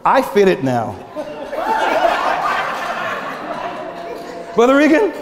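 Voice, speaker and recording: A Canadian man preaching a sermon in a church, animated and jokey, laughing often and breaking into shouts. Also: very high voice, extremely slow, over a noisy crowd. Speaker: pastor. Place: church hall. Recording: long hall reverb.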